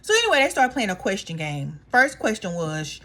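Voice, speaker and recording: A woman casually recapping a reality show in a gossipy, animated way, acting out the cast members' lines. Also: medium pitch, fairly quick.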